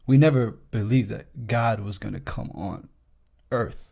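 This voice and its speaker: A man's voice: fairly low pitch, a little slow, gravelly, dark tone, husky. A man chatting casually on a podcast about faith, with lots of "you know" and frequent affirmations. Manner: conversational, many fillers and affirmations. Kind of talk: casual religious discussion.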